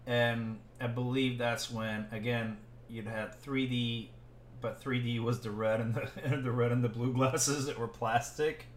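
A man's voice: mid-range voice, unhurried. A man co-hosting a casual movie podcast, rambling through a film recap with frequent laughs. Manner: rambling, laughs often, animated when joking. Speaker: podcast co-host. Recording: echoey room with faint ambient noise.

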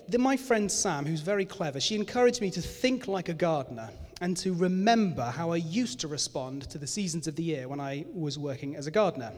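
A man giving a candid, self-deprecating sermon in a conversational manner, recorded in a church hall. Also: a little high. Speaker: preacher. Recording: echoey hall reverb.

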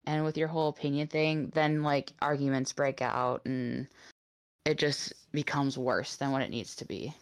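A woman co-hosting a casual podcast, hesitant and full of "like" and "um". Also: low-pitched. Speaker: podcast co-host.

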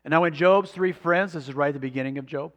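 A man with a fairly high voice preaches a sermon, reads scripture and puts rhetorical questions to his listeners. His voice rings out with a long reverb from a church sanctuary. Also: fast talker, fairly bright tone. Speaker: pastor.

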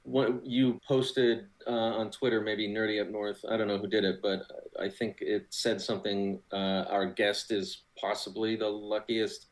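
A man guesting on a podcast, relaxed and thoughtful, speaking with frequent fillers. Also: on the low side, a little slow, hardly any pauses, rough recording. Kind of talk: casual interview chat.

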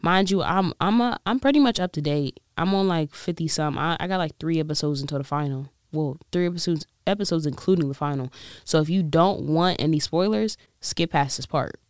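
A woman's voice: low voice, brisk, darkish tone, clear, resonant tone, dry recording, studio quality. A woman vlogger chatting casually and rambling, laughing often and trying out a weak British accent. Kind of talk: casual chat.

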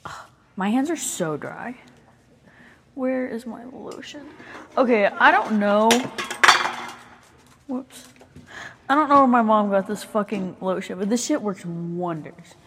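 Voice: mid-range voice, lively intonation, slow, long pauses, fairly bright tone, big-room sound, a little hiss or hum. A young speaker in their twenties with a Southern US accent, rambling casually and swearing often while moving around their bedroom. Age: 20s. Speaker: vlogger.

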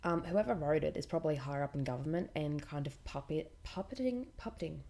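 A woman's voice: low voice, steady tone, fast talker, dark tone. A woman, a podcast host telling a story in casual, blunt and irreverent chat, swearing freely.

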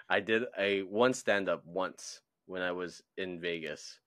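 A young man co-hosting a podcast in a casual chat, animated and laughing often. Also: low-pitched, takes it slowly, no room sound, clean studio sound. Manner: animated, laughs often, acts out voices in stories. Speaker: podcast co-host.

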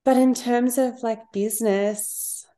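A woman's voice: fairly high pitch, fairly even intonation, takes it slowly, warm tone. A woman guest on a podcast, talking openly and reflectively in a casual chat, with small laughs and trailing phrases. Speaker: podcast guest, creative business owner.

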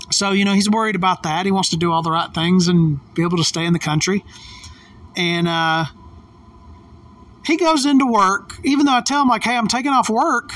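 A woman's voice: mid-range voice, distant mic. Heated, swearing woman telling a story. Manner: profane, emphatic, heated. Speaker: vlogger. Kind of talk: casual storytelling.

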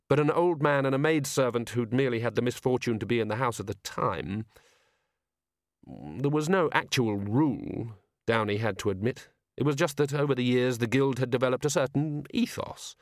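Male audiobook narrator, mid-range, deliberate delivery; dry close-mic studio read. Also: mid-range voice, no room sound. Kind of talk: scripted narration.

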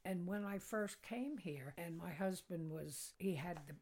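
An older American woman tells rambling personal stories as a podcast guest. Her voice sits low for a woman, and she chuckles at her own jokes as she goes. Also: a little slow, a little mellow. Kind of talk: casual storytelling.

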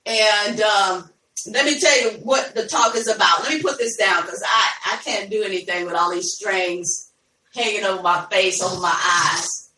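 A woman's voice: mid-range voice, normal speed, bright, forceful tone, a little hiss or hum. A woman hosting a live podcast, chatting casually with listeners, calling them y'all and laughing easily. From Ohio, USA. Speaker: podcast host. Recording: echoey room, voice from a distance.

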